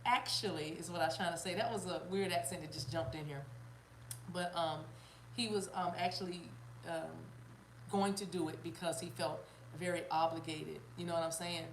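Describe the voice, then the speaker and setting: Low-voiced woman in an echoey room. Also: fairly even intonation, moderate pace, slight background noise. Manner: rambling, with many fillers and restarts; addresses viewers and chat directly, laughs often. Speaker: spiritual reader. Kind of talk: live-stream tarot reading.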